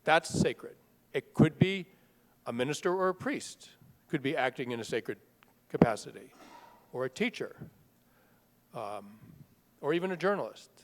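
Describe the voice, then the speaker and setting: A man's voice: fairly high pitch, lively intonation. Middle-aged man telling a story in a hall. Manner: conversational, halting with fillers and restarts. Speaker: author speaking at a book festival. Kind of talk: storytelling talk to an audience. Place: large hall at a live event. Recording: long reverb of a large hall.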